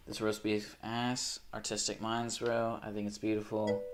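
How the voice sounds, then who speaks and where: A man streaming live, commenting on his own game, swearing and bursting into panic between low, self-critical mutters. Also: completely flat delivery, a little slow, hardly any pauses, slight background noise.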